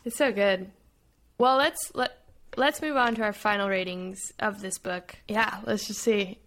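A young woman co-hosting a casual book-review podcast, animated and laughing often as she retells favorite scenes. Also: mid-range voice, unhurried. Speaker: podcast co-host.

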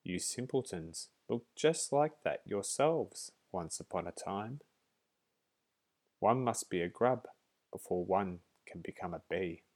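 A man's voice: deep voice, animated, slow pace, a little mellow, full character voice. A man voicing an imperious, haughty queen bee in a storybook reading.

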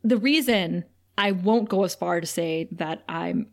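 A woman's voice: lowish voice, unhurried, vocal fry. A woman from Canada co-hosting a podcast in casual chat, giggly and playful, often acting out scenes in voices. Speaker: podcast co-host.

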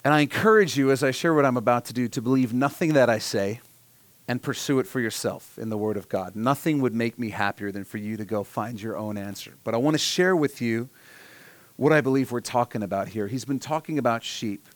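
Male preacher, earnest sermon delivery, soft emphatic drops, dry close recording. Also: medium pitch, brisk, dry recording. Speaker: pastor.

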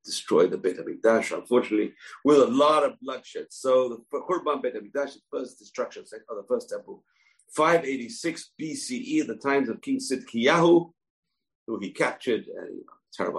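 A man's voice: mid-range voice, lively intonation, normal speed, gravelly, poor audio. A man giving an informal, emphatic Jewish history lesson, often repeating words for stress. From family from Babylon, moved to Israel. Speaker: Jewish teacher.

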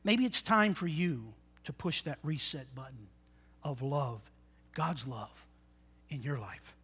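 A man's voice: mid-range voice, expressive, slow, bright, forceful tone, breathy edge. A man preaching a sermon, earnest and folksy, often putting questions to the congregation. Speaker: pastor.

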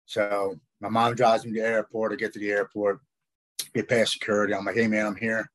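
A middle-aged man telling his own recovery story in a raw, halting way, often repeating words. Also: lowish voice, flat delivery, no echo. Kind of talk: personal storytelling.

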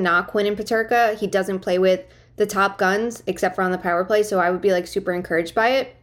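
Enthusiastic woman podcast analyst. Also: mid-range voice. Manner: enthusiastic, rapid, many fillers. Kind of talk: casual chat. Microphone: remote call setup.

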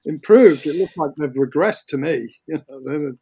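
A British man giving blunt, opinionated takes on a sports podcast. His voice sits a little high, and the sound is close and dry. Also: normal speed, warm tone, husky, dry recording. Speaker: podcast co-host. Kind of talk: casual sports chat.

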